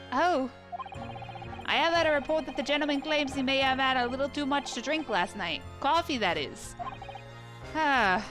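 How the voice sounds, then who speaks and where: A woman's voice: sits high, pitched above the performer's own voice. A woman voicing a polite, formal male police constable. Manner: formal and courteous. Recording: game music behind.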